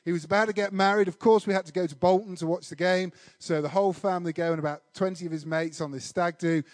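A man preaches, weaving a self-mocking story into his sermon with lively, animated delivery. His voice sits high for a man, and the recording is dry and close with no room echo. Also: fast talker.

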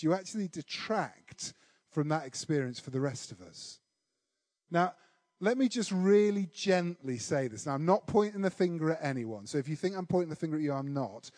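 A man's voice: fairly high pitch, lively intonation, normal speed, a little mellow, no room sound. A man preaching a sermon, telling a self-deprecating personal story with humour before turning to worship.

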